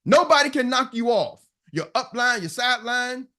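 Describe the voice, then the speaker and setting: A man with a high voice speaks as a business coach to a live audience online. His pitch leaps around animatedly as he preaches, and he drives each point home by repeating it. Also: lively intonation, normal speed, sharp tone. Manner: emphatic, preachy, repeats punchlines.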